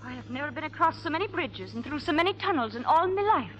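A woman's voice: high-pitched, lively intonation, fast, muffled recording, faint music behind. A sweet naive Irish immigrant girl. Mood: naive, gentle. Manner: lilting, gentle, old-fashioned phrasing. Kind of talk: 1950s radio drama acting. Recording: old radio broadcast.

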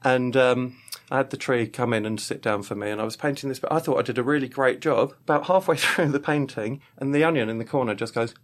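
A man, speaking at a middle pitch. He tells absurd comic stories in a dry, deadpan way as co-host of a children's show. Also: fast talker, hardly any pauses. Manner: deadpan storytelling, acting out voices of rude onions. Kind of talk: silly improvised comic chat.

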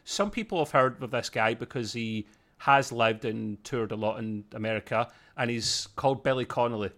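A man's voice: medium pitch, moderate pace, fairly bright tone. Chatty self-deprecating man. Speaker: podcast co-host. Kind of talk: casual review chat.

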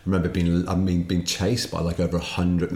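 A man's voice: low voice, monotone, a little fast, warm tone. A middle-aged English man from England with a middle-class accent, a podcast guest rambling candidly in casual conversation and swearing now and then. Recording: roomy echo.

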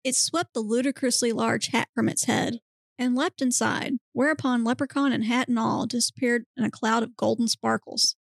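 Woman podcast host reading aloud: deadpan, gravelly edge, dry close mic. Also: on the high side, moderate pace, no room sound. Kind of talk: dramatic reading of erotic fiction.

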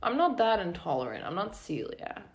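A woman co-hosting a casual podcast chat, skeptical and dry, quick to laugh. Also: lowish voice, very animated. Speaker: podcast co-host.

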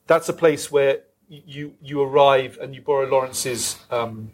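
A man's voice: medium pitch, unhurried. A man interviewing an author at a live event. He asks long, winding questions in an academic style. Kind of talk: onstage interview. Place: live event venue with an audience.

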